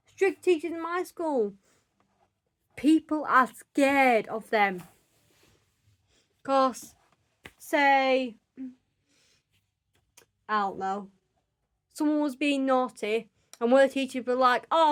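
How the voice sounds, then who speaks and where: A woman speaks in a fairly high voice. She talks emphatically and insistently in a solo opinion monologue, often breaking off and restarting her sentences. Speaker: vlogger.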